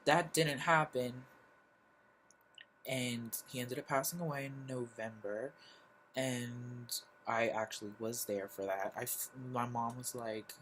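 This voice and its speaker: Young adult vlogger, slow and halting, sighs between phrases, faint background hum. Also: medium pitch, fairly even intonation, fairly bright tone, low-quality recording. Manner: halting, sighing, lots of fillers. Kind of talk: personal confessional vlog.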